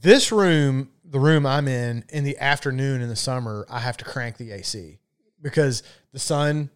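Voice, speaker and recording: A man's voice: medium pitch, moderate pace, smooth. A man co-hosting a casual podcast, ranting and swearing freely. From Florida, USA. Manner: profane, ranting, exasperated. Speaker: podcast co-host.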